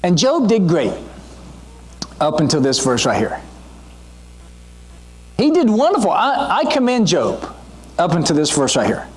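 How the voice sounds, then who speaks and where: A man preaching a sermon in a conversational, animated way, often checking in with his listeners. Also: fairly high pitch, a little slow, long pauses. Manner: conversational, asks the audience questions; animated teaching delivery with frequent asides.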